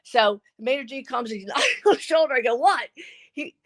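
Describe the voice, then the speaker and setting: A woman's voice: fairly high pitch, normal speed. Older lady spilling a wild dating story, doing all the voices, chatty. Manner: animated, acts out quotes. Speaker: guest. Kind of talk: casual storytelling.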